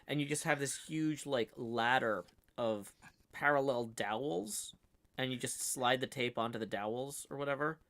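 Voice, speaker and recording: A man's voice: mid-range voice, moderate pace, fairly bright tone. A man chatting casually on a livestream, rambling through stories with many fillers and restarts. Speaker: streamer co-host.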